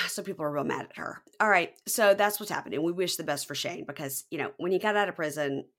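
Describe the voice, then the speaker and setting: A woman podcast host chats casually as she recaps a reality show. Her voice is bright and forceful and sits fairly low. She tells the story in an animated way, slipping into quick impressions.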